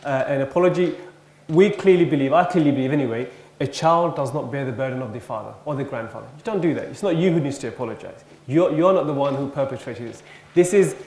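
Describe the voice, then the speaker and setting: A man answering an audience question at a university seminar, speaking in a measured way with hesitant ums. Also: medium pitch, darkish tone, echoey room, slight background noise. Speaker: invited speaker, head of research.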